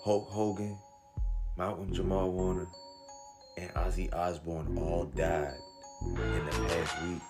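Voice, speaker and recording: A man's voice: low voice, fairly even intonation, slow pace, vocal fry, long pauses. A man talking to his viewers in a slangy, earnest and awed way, in a casual vlog. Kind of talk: emotional casual vlog talk. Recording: loud music over voice.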